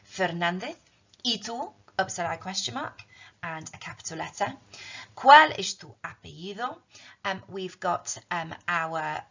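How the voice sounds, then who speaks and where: A woman's voice: on the low side, sharp tone. A woman teaching a recorded language lesson, explaining patiently with frequent ums. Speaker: Spanish teacher. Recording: dull lo-fi recording.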